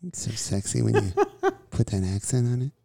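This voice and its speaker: A man in his forties trading crude, provocative jokes on a podcast. He teases and laughs often. His voice sits at a middle pitch, close and dry with no room sound. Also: huge pitch swings, moderate pace, vocal fry, mellow, no room sound. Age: 40s. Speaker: co-host.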